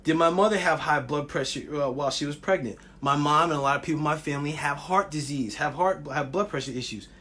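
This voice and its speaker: A man vlogging a personal wellness story, passionate and animated, with frequent restarts. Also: a little high, fast talker, hardly any pauses.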